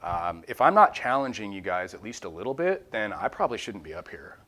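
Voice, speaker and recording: A man's voice: on the low side, very animated, a little fast, pushed and bright. A man leading an informal Bible study with a group, talking candidly and animatedly and acting out quoted voices. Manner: candid and self-deprecating.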